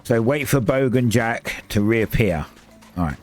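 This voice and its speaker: A man streaming a video game, musing aloud in relaxed, casual commentary. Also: mid-range voice, unhurried, soft background music. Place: home streaming setup.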